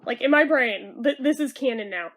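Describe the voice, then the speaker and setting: A woman's voice: high-pitched, expressive, normal speed, fairly bright tone, a little hiss or hum. A woman hosting a casual comic read-along, chatty and giggly with wry asides. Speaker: video host reading a comic aloud.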